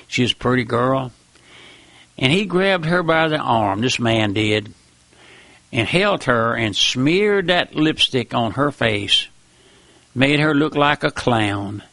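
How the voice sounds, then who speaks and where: A man's voice: medium pitch, animated, takes it slowly, sharp tone, no echo. A middle-aged man preaching a sermon in a folksy, earnest way, often repeating phrases.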